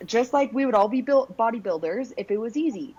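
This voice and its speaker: A woman with a fairly high, expressive voice, dark in tone with a breathy edge, hosts a casual podcast at a brisk clip. She speaks emphatically and bluntly, swearing and leaning on "like" and "right?", in a dull lo-fi recording.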